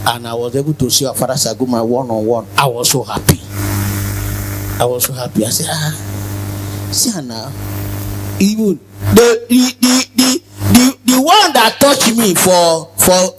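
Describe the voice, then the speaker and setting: Nigerian pidgin guy telling his testimony, kinda high voice, acts out all the talking, loud music behind. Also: a little slow, low-quality recording. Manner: animated storytelling, acting out dialogue, sometimes chanting. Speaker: devotee giving testimony.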